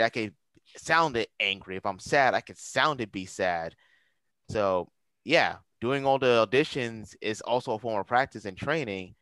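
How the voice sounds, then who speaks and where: Man, voice actor guest, earnest and emphatic, bright tense voice, dry sound. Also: lowish voice, clear, resonant tone, no echo, rough recording. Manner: earnest, gives emphatic advice. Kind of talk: casual interview talk.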